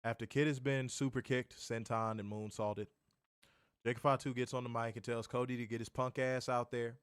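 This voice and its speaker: A man's voice: medium pitch, little pitch movement, moderate pace, clear, resonant tone, no room sound, studio quality. A man co-hosting a wrestling review podcast, ranting in an exasperated way, swearing and repeating himself for emphasis. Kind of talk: casual chat.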